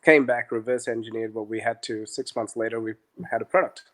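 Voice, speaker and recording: A middle-aged man speaks at an ordinary pitch as a guest on an interview podcast. He tells his business stories casually, slipping into other voices as he quotes the people in them. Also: fairly quick. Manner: animated, acts out dialogue in quotes. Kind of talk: conversational storytelling.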